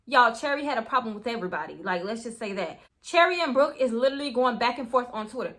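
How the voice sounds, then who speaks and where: A young woman spins a story with a high, bright voice. She talks casually and with energy, swears freely and keeps turning to her listeners. The voice sits well above the usual range and has a crisp edge. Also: fast talker. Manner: animated, swears freely, keeps addressing viewers as "y'all". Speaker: storytime vlogger.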